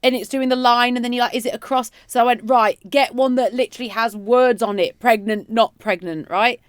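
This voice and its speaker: A woman's voice: a little high, fairly quick, dry recording, studio quality. A British woman radio host telling a story in casual chat, acting out what she said at the time. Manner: animated storytelling with acted-out quotes.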